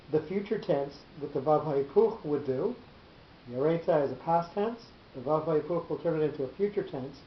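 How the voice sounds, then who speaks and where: Man, lecturer type, slightly high voice, patient and halting, roomy lo-fi recording with hiss. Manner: patient, explanatory, often restarts phrases. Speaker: teacher of a Torah class. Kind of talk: lecture with frequent pauses and fillers. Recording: roomy, dull lo-fi with faint hiss.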